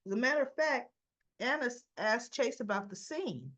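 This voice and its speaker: A woman's voice: a little high, animated, moderate pace, a bit bright. A woman casually recapping and commenting on soap opera episodes, retelling scenes with quoted lines.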